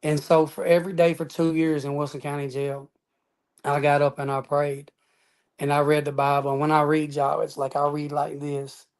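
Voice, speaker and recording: A man's voice, pitched a touch above the usual for a man. He tells his own story in an interview with earnest emphasis, leaning on "man" and "y'all" as he goes. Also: completely flat delivery, moderate pace, clean tone. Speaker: interview guest. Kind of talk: personal testimony storytelling.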